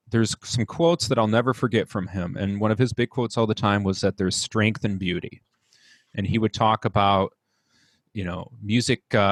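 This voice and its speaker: Young Midwestern man, low dry voice, earnest band director reminiscing, halting delivery. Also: no room sound. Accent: Midwestern American. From United States. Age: young adult. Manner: earnest, halting, with many restarts and fillers. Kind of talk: reflective interview storytelling.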